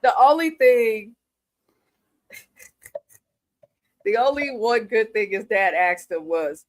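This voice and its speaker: A woman runs a casual reality-show recap, blunt and full of playful exaggeration. Her voice sits a little high. The sound is dry and close, with no room around it. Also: extremely slow, dry recording. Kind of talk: casual chat.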